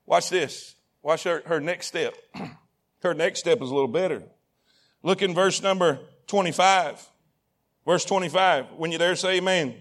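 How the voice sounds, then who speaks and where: A man preaching a sermon in a church, animated, repeating lines, shouting at times and asking the congregation questions. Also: on the high side, measured pace. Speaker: pastor. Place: church sanctuary.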